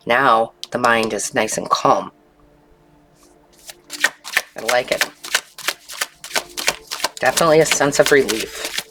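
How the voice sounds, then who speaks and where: A woman giving an intuitive tarot reading in a calm, unhurried way, often checking in with the listener. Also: rumbling low, background noise. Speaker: tarot reader.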